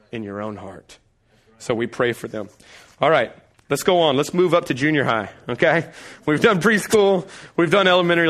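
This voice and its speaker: Give me a male pastor preaching with animated, story-driven energy. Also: mid-range voice. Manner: animated storytelling, acts out voices. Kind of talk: sermon.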